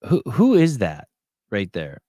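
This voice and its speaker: Low-voiced male podcast host, dry close sound, loose and profane delivery. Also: wildly swooping pitch, a little slow, mellow, dry recording. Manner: rambling, profane, wry. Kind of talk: casual livestream chat.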